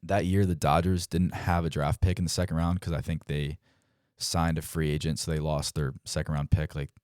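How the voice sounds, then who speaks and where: Speaking at normal speed in a clean-toned bass voice, this twenty-something pro baseball player shares casual stories as a podcast guest. He's animated, acting out quoted dialogue and using "like" often. The audio is studio quality with no echo.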